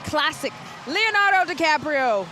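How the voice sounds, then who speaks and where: A bubbly woman calls a night parade live for TV, her voice sitting high. She chats easily with her co-host. Loud crowd noise surrounds her outdoors. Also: animated, a little slow. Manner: chatty, bubbly, breaks into song. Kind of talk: live broadcast commentary. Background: noisy crowd.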